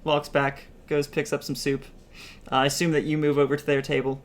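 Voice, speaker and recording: A man's voice: on the high side, flat delivery, fairly quick. A man running a tabletop game as game master, chatty and rambling, laughing often.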